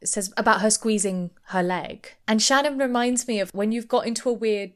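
A woman's voice: mid-range voice, normal speed. A woman co-hosting a podcast, chatting casually and thinking aloud, livening up when she acts out what other people said. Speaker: podcast co-host. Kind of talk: casual chat.

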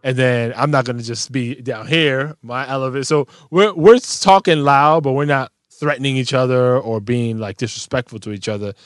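Animated swearing man in casual chat. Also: mid-range voice, a little fast, few pauses, no room sound, clean studio sound. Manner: animated, swearing, loud when joking. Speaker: father in a podcast talk.

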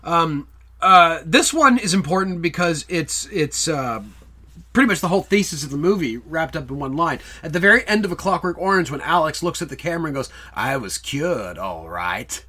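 Here the same kind of young podcast co-host sounds expressive, a little fast, high-leaning and sharp. He rambles through casual talk about films, quoting favorite lines in put-on voices.

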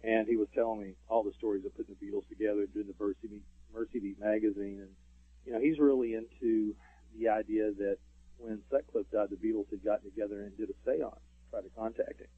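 A man's voice: on the low side, steady tone, quick pace, husky, no echo. A man, a radio show guest, telling stories in casual interview talk with lots of fillers. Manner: rambling storyteller, many fillers. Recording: tinny phone line.

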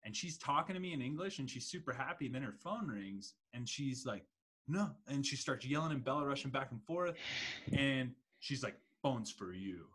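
A young man, hosting a casual chat and telling an animated story, swearing freely. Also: medium pitch, a little fast, breathy edge.

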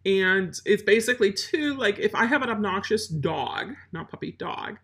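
Brief: woman dog trainer, bright forceful tone with a husky edge, no-nonsense Q&A delivery. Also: mid-range voice, a little fast, hardly any pauses. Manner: blunt, emphatic, matter-of-fact. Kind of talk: live Q&A advice on dog training.

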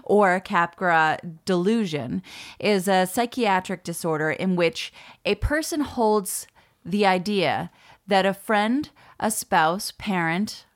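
A woman co-hosting a podcast from home, chatting casually, playful and self-mocking, laughing often. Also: lowish voice. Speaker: podcast co-host. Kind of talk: casual chat. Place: home, by the deck doors.

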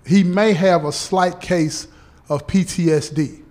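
A man playing a parole officer who explains things slowly and deliberately, checking in often with "okay?" and "right?". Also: high voice, a little mellow. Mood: explaining. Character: patient male parole officer briefing a relative.

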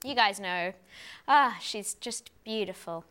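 A woman, a panelist chatting in a giggly, warm way. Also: mid-range voice, slow, clean tone. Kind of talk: casual panel chat.

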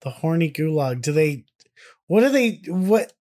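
A man's voice: a little high, sing-song, a little slow, a little mellow. A man co-hosting a podcast, chatting casually and joking, often restarting his sentences. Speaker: podcast co-host. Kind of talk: casual chat.

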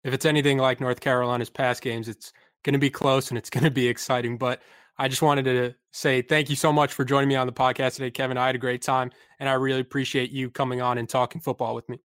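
A man's voice: mid-range voice, flat delivery, fast, fairly bright tone, clear, resonant tone, no room sound, clean studio sound. A man hosting a sports podcast, asking plain questions in a casual interview. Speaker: podcast host.

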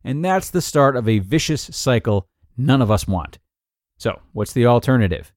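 Lively man reading a podcast article. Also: mid-range voice, normal speed, no echo, studio quality. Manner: lively, expressive reading, acting out quoted lines. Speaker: podcast host and narrator. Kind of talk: reading a parenting article aloud.

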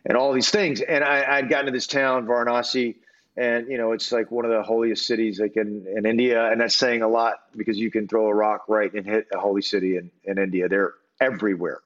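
A man telling a personal story as an interview guest, earnest and halting, with many restarts and fillers. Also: fairly low pitch, flat delivery, fairly bright tone, lo-fi sound.

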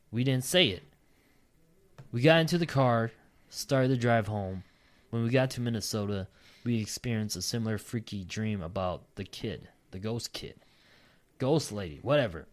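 Low-voiced man reading stories, swearing. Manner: profane, laughing asides between read lines. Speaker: podcast host reading listener stories. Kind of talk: casual podcast chat, reading aloud.

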